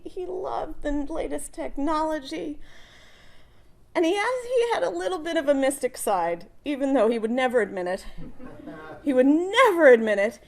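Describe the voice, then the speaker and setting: A middle-aged woman, a daughter, giving a eulogy at a funeral service, speaking fondly and often laughing between memories. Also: sits high.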